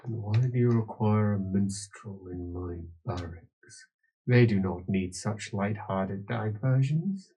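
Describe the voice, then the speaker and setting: A man voicing a stern older commander who speaks in a quiet, curt, clipped way. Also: fairly low pitch, takes it slowly, breathy edge, pitched below the performer's own voice, heavily acted.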